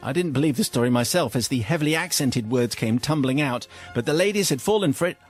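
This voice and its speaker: A man's voice: mid-range voice, animated, fast talker, faint music behind. A male radio host reading a listener's funny confession letter aloud, amused and often laughing.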